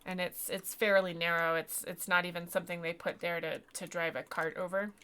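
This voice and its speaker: A woman's voice: fairly low pitch, level tone, a little fast, sharp tone, smooth. A woman narrating as game master of a tabletop game, rambling and self-deprecating, with many fillers and restarts.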